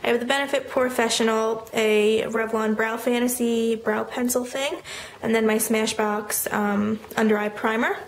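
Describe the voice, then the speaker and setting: A woman's voice: a little high, fairly even intonation. A young woman in college, casually walking through her makeup collection and listing products in a chatty way with the occasional filler. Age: young adult. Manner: chatty, lists items quickly with fillers. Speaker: beauty vlogger. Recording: echoey room with noticeable noise.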